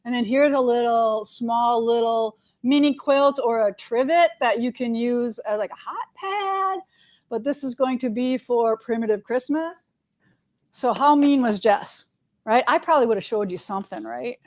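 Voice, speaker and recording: A woman's voice: a little high, normal speed, a little mellow. Chatty, upbeat woman shop host. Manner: chatty and upbeat, lots of "all right" and "right?". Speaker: quilt shop owner hosting a live show. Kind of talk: casual live-stream chat with announcements.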